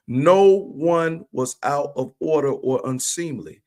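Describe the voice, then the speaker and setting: A man's voice: medium pitch, slow pace, a little mellow. A man in a livestream conversation, telling a church story with animation and acting out the dialogue. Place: remote livestream call.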